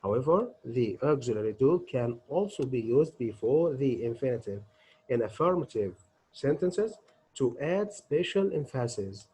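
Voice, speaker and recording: Husky-voiced man teaching grammar. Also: mid-range voice, lively intonation, moderate pace, warm tone, poor audio. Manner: asks and answers his own questions. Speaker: English teacher. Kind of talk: grammar lesson.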